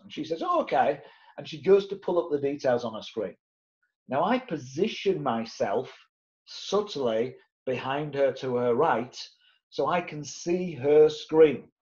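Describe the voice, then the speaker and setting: A man, telling an animated story to camera and acting out the other people's voices as he goes. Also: mid-range voice, normal speed, highs cut off. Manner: lively, acts out the other voices in his tale. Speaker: property investor sharing his story.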